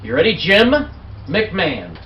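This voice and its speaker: Animated man, distant echoey sound. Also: a little high, unhurried, a little hiss or hum. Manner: joking, animated, trails off mid-sentence. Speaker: co-host. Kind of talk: casual sports chat. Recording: distant, echoey, muffled home recording.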